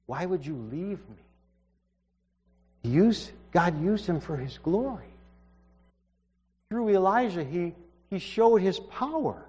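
A man's voice: fairly high pitch, sing-song, a little slow, long pauses, a little mellow, husky. A man preaching a sermon, earnest and emphatic, often restarting his sentences. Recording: dull reverberant hall recording.

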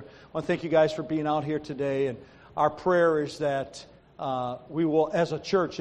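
A man's voice: fairly high pitch, a little mellow. A man as pastor giving a sermon, telling stories animatedly and acting out the people he quotes. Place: church sanctuary. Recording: long hall reverb.

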